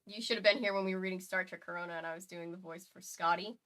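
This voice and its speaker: A woman's voice: on the low side, steady tone, quick pace, fairly bright tone. A woman hosting a casual livestream chat, joking in a dry, self-mocking way. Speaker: host.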